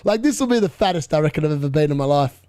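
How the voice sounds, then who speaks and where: A young man hosting a live fantasy football watchalong, chatty and excitable as he reacts to scores. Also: a little high, racing, clear, resonant tone, no room sound. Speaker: fantasy football livestream host.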